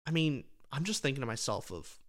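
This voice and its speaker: A man co-hosting a casual book-review podcast, thinking aloud in a halting way and restarting his phrases. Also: medium pitch, sing-song. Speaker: podcast co-host.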